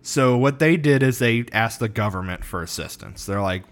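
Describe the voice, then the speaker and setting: A man's voice: mid-range voice, animated, fairly quick, few pauses. A tired man co-hosts a casual podcast, rambling through a history story. He laughs often and stumbles over names as he goes. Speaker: podcast co-host. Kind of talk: casual chat.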